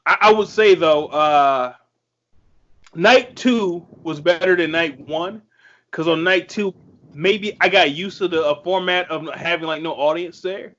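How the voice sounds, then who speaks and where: A man's voice: a little high, unhurried, a bit bright. A man co-hosting a podcast in casual chat, blunt and swearing freely. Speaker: podcast co-host. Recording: dull lo-fi audio.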